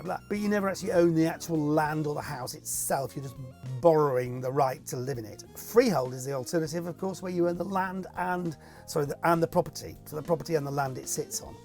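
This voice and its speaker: A man's voice: a little high, creaky, a little mellow. A man hosting a casual question-and-answer chat to camera, rambling and laughing as he reads out and answers viewer questions.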